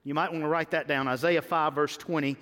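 A male pastor preaching a sermon, folksy and storytelling, swinging between loud emphatic lines and soft asides. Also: fairly high pitch, steady tone, fairly quick. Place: church sanctuary. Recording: long hall reverb.

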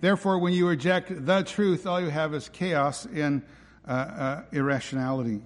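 A man's voice: fairly high pitch, moderate pace, long reverb tail. A man preaching a sermon as pastor, emphatic and driving, often posing rhetorical questions.

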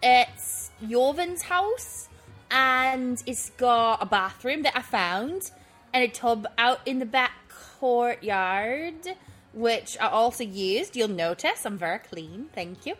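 A woman plays a lost, childlike girl in a tabletop game, rambling politely as she begs for help. The voice is high and bouncy, jumping all over the place. Soft music plays behind. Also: animated, slow, full character voice. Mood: chatty. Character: lost, childlike young girl, chatty and eager to please.

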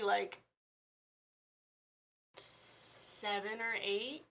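Bright, blunt, profane woman co-host. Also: mid-range voice, steady tone, a little slow, pauses often. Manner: blunt, profane, laughs easily. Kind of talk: casual podcast chat.

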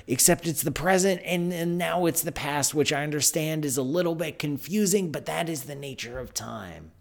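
A man hosting a live science show, talking in an excitable, animated, chatty way. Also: fairly high pitch, normal speed, gravelly, hardly any pauses. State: out of breath. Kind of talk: live-stream science talk.

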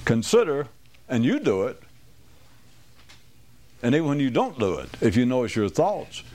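Man giving a rambling, animated talk. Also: mid-range voice, normal speed. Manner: rambling and wry, with quoted asides and chuckles; digressive, restarting sentences. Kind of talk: informal talk to a small group.

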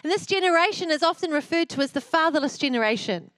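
High-voiced woman preaching a sermon. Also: expressive, fast, a bit bright, no echo. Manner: storytelling, acts out family voices.

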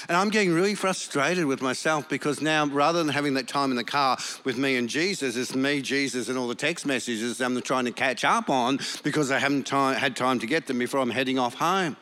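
A man's voice: fairly high pitch, bright, forceful tone. An older man preaching a sermon, emphatic and fond of repeating lines for effect. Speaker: pastor. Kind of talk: sermon with personal story.

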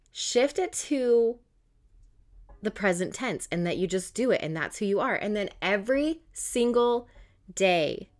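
A woman, a mother in her thirties, giving casual motivational talk to camera and acting out her own inner voice in a chatty, animated way. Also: mid-range voice. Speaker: mindset vlogger.

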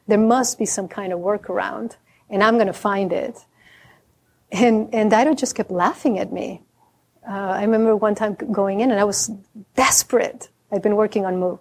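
A woman Zen teacher giving a dharma talk. She is reflective and candid, slowing down to stress key words, with some self-deprecating humor. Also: medium pitch, a little mellow.

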